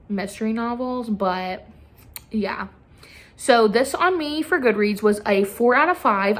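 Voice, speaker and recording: A woman's voice: mid-range voice, fairly bright tone. A young woman chatting casually as a book reviewer, filling her talk with constant "like"s. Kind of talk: casual chat.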